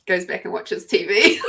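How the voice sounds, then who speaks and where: A woman with an Australian accent, hosting a podcast and telling a personal story in a soft, reflective way, sometimes dropping to near whispers. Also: mid-range voice. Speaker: podcast host. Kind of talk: casual storytelling.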